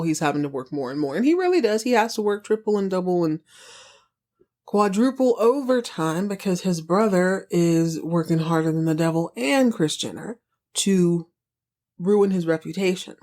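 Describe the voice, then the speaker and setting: A woman's voice: fairly low pitch, moderate pace, a little mellow. A woman podcast host giving a chatty, sassy recap of a TV episode, wandering off on tangents as she goes.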